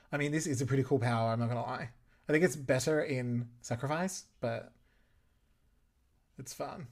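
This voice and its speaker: A man's voice: medium pitch, moderate pace, long pauses. A man hosting a watch-along episode commentary podcast, sarcastic and playful, talking back at the screen. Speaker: podcast host.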